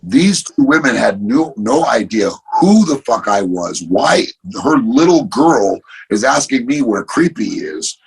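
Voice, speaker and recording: A man, a guest in a casual interview, telling animated stories and swearing freely. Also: mid-range voice, unhurried, gravelly, few pauses, breathy edge, low-quality recording. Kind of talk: casual chat.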